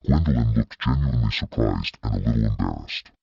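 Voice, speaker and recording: A man with an extremely low, gravelly voice reads the story in a dry, wry way. The sound is husky and close. The recording is dull and dead dry. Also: expressive, brisk, no room sound. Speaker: narrator. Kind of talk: scripted audiobook narration.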